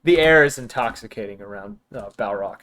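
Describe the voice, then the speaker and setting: A man narrates a tabletop game as game master at an ordinary middle pitch. He talks loosely and chattily and breaks into laughs often. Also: lively intonation, brisk, fairly bright tone.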